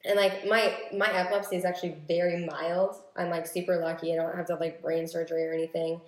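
A woman's voice: fairly low pitch, flat delivery, fast. Chatty young woman, roomy phone recording. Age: 20s. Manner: chatty storytelling with many "like" fillers. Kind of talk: casual chat.

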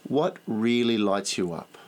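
A man hosts the interview, curious and prompting with his questions. His voice is very deep yet swings widely in pitch as he talks. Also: lively intonation, measured pace. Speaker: host interviewer. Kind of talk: casual interview chat.

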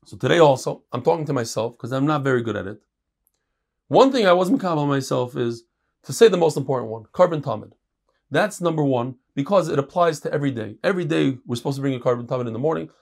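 Man, casual Talmud teacher, gravelly voice. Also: medium pitch, expressive. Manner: reads quick Aramaic passages, then explains them in casual English. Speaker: Torah teacher. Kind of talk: Talmud class.

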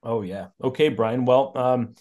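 A middle-aged Connecticut man who owns an auto shop tells his story as a podcast guest in a casual interview, chatting, repeating words, and chuckling a lot. His mid-range voice is slightly mellow and moves at a measured pace, and the recording sounds lo-fi.

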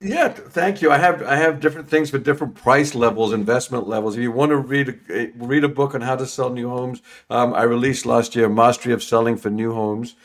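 A middle-aged man from London with a London accent, chatting as a podcast guest, warm and rambling with many restarts. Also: mid-range voice. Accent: London English. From England. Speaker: podcast guest, new home sales trainer. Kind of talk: casual interview chat.

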